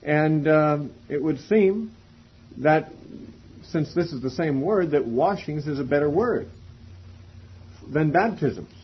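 A man teaching a Bible class in a methodical way, spelling out words and pausing often. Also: on the high side, expressive, slight background noise. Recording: dull lo-fi recording.

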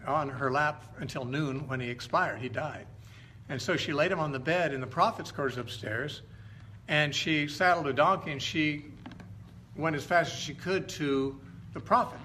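A middle-aged man retelling Bible stories in an informal teaching style, conversational and halting, often stopping to correct himself. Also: on the high side, sharp tone, a little hiss or hum.

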